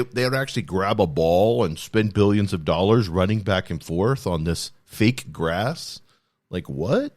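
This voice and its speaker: A man in his thirties hosting a solo self-help podcast, talking in an earnest, conversational way with many restarts. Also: medium pitch. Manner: earnest, conversational, repeats "you know" and restarts. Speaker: podcast host. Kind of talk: solo motivational podcast talk.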